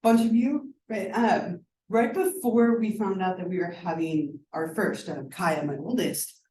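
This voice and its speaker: A woman teaching a psychology class in a classroom, chatty and animated, her voice sore and strained. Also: fairly low pitch, measured pace, a little hiss or hum, poor audio. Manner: chatty, animated, peppers talk with "like" and "right?". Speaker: psychology instructor. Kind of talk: classroom lecture. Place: college classroom.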